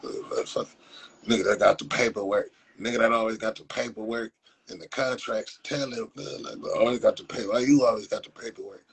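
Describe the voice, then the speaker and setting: A man's voice: lowish voice, steady tone, brisk, fairly bright tone, husky, low-quality recording. A man from Compton in Los hosts a live stream, mocking viewers in profane, casual talk with frequent laughs. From Compton, Los Angeles.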